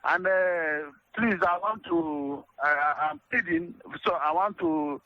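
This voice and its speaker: A Nigerian man calling in to a radio show, halting and repeating himself as he pleads to speak. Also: on the high side, sharp tone. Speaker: radio caller. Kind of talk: phone call-in. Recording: dull phone line.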